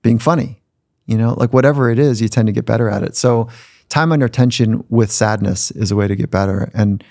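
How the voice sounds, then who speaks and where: In a podcast studio, a male guest reflects on his own life through conversational stories, occasionally acting out the voices of those he quotes. He speaks briskly at a medium pitch with a slightly mellow tone. The studio-quality audio has no echo.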